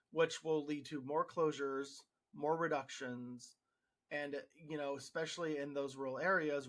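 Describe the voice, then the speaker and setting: A man who works in healthcare speaks his mind in a frustrated, sarcastic monologue. His voice sits a little on the high side, and he restarts his sentences often. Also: a bit bright. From United States. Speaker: healthcare worker podcast host. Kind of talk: opinion monologue.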